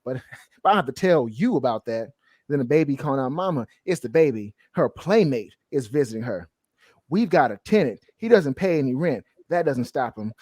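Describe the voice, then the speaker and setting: A man reading aloud a comic's lines for a weary, kindly tenant mother in a run-down flat, mocking the stiff wording. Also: rumbling low, moderate pace, no room sound, studio quality.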